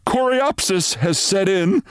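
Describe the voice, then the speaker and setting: A man voicing a haggard, nervous male doctor who talks in a hurried, worried way. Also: on the low side, dry recording, clean studio sound, natural voice.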